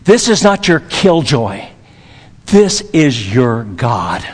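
A man's voice: medium pitch, very animated, slow, breathy edge, big-room sound. A man from Dallas, Texas, preaching a sermon as pastor, emphatic and repetitive, with folksy humor.

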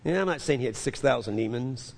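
A man's voice: medium pitch, expressive, fairly quick, creaky, big-room sound. A man preaching a sermon and reading scripture, often stammering and repeating words for emphasis. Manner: stammering restarts, emphatic repetition. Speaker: pastor.

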